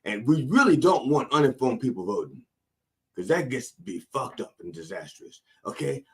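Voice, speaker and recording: Animated comic preacher man. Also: medium pitch, normal speed. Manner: animated preacher cadence, repeating phrases, mixing in cussing. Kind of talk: comedic mock sermon.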